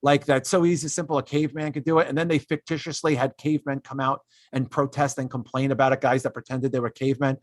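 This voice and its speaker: A man's voice: on the high side, lively intonation, a little fast, dry recording, studio quality. Exasperated ranting podcast host, a man. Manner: exasperated, ranting, lots of fillers and restarts; switches to mocking put-on voices when quoting others. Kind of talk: casual comedic podcast rant.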